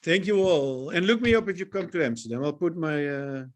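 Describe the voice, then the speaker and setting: Speaking quickly and expressively in a fairly high register, this comic from the Netherlands delivers his stand-up routine through a video call. His Dutch accent comes through as he jokes and chuckles at his own lines.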